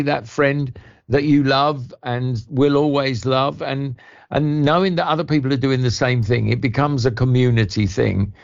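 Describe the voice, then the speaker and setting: An older English actor, a guest on a radio show, telling stories in a rambling way over the phone. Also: male voice, mid-range voice. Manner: rambling, warm anecdotal storytelling with restarts. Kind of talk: radio interview chat. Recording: lo-fi phone line.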